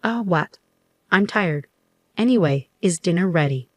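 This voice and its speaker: A woman's voice: on the low side, expressive, a little slow, no echo. A woman voicing a young husband who is cold, curt and sarcastic, in a narrated story. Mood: irritated. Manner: cold and dismissive.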